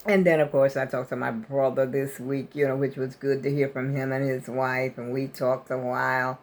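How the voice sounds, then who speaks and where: A woman's voice: extremely low pitch, little pitch movement, normal speed. An older woman vlogger, rambling in casual chat to her viewers. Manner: rambling, chatty, talks to viewers as y'all.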